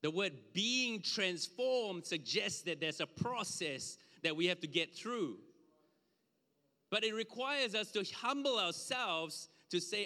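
A man preaching a conversational sermon with slides, emphatic at times and dropping low for asides. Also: lively intonation, takes it slowly, sharp tone. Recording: long hall reverb.

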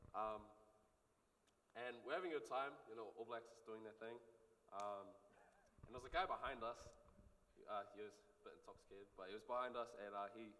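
A man's voice: lowish voice, fairly quick, pushed and bright. Young New man, rambling story. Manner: rambling, laughing, self-interrupting. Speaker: son in a family discussion. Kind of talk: casual storytelling. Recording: echoey room with noise.

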